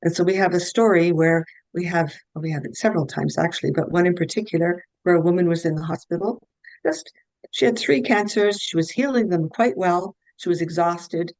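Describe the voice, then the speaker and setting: This middle-aged woman, a guest health practitioner, tells case stories in a conversational interview, earnest and anecdotal, often restarting her sentences. Her voice is lowish and darkish in tone, and she talks fairly quickly. The low-quality recording has no room sound.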